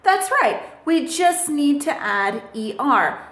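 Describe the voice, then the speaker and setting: A woman's voice: high voice, sing-song, slow pace, a bit bright. A woman teaching English grammar in a recorded lesson, patiently spelling out letters and asking the listener questions. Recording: echoey room.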